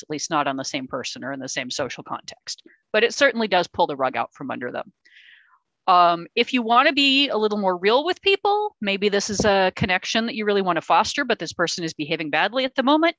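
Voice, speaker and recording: Lively woman lecturing. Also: mid-range voice, dry recording, rough recording. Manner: lively, acts out sample lines in other voices, many fillers and restarts. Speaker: speaker giving a talk on verbal self-defense. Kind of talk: informal lecture with examples. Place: meeting hall.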